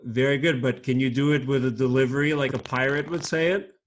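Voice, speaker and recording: A man's voice: mid-range voice, fairly even intonation. A man patient, encouraging kids' teacher on a video call. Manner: patient, encouraging, speaks slowly and clearly to kids. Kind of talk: teaching a children's class online.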